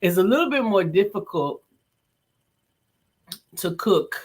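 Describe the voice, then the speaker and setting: A woman's voice: mid-range voice, lively intonation, slow, slightly rough. Chatty New woman co-hosting a stream. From the Bronx, New York. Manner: chatty, laughing, reads viewer comments aloud. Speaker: co-host. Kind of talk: casual live-stream chat.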